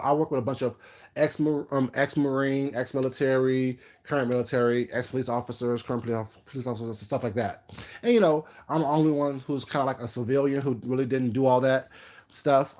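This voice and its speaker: A man's voice: mid-range voice, a little mellow. Male vlogger, casual storytelling, rambling and sassy, brash and confident delivery. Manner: rambling, jumps between topics; brash, sassy and self-assured. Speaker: food vlogger.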